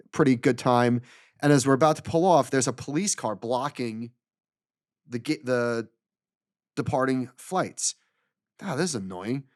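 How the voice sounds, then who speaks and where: A man in middle age tells a story on a podcast, exasperated and animated, playing every part of the exchange himself. His voice is of middling pitch. The sound is dry and close, with little room around it. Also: dry recording. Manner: animated, exasperated retelling with quoted dialogue. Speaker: podcast co-host. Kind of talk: casual storytelling chat.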